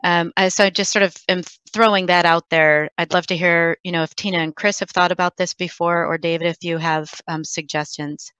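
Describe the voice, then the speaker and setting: A woman's voice: on the low side, steady tone, brisk, hardly any pauses, a bit bright, clear, resonant tone, no echo, low-quality recording. A woman panelist speaking thoughtfully and a little hesitantly on a video call. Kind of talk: conversational panel discussion.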